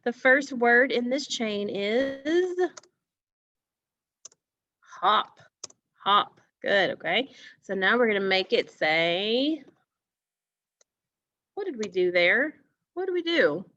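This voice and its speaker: Slow, deliberate woman teaching phonics. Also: fairly high pitch, expressive, pushed and bright, dull audio. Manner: slow, deliberate, encouraging, stretches words for emphasis. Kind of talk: phonics lesson for young children.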